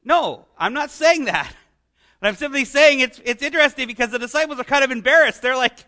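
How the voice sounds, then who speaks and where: A pastor delivers a conversational sermon in a strikingly high voice with a bright, sharp tone. He speaks in an animated, fairly quick way, posing rhetorical questions and chuckling between points.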